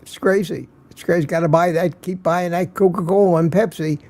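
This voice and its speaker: An older man, tired and slurring a little, hosts a casual live stream and greets his viewers one by one. His voice is gravelly and mellow, pitched a touch high for a man, and he chuckles often between names. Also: steady tone, fairly quick. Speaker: livestream host.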